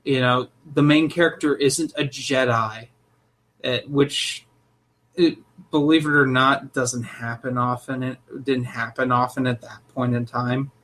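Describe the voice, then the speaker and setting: A young man co-hosting a casual podcast, talking in an animated, opinionated way. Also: mid-range voice, measured pace. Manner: animated, opinionated, jumps into loud mock voices. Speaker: podcast co-host.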